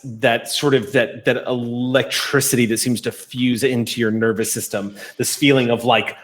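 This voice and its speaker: A man at a middle pitch runs a tabletop game as its game master. He narrates the scene in a relaxed, descriptive way and stops to explain the rules. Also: normal speed.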